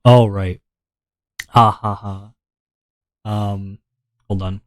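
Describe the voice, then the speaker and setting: A man chatting casually on a livestream, talking in a deliberately relaxed voice and rambling with many restarts and repeats. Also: fairly low pitch, no echo, clean studio sound. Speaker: streamer.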